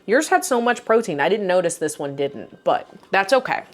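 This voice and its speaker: A woman's voice: medium pitch, very animated, moderate pace, faint music behind. Chatty young woman reviewing food. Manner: chatty, giggly, reads nutrition stats aloud. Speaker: vlogger. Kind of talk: casual food review chat.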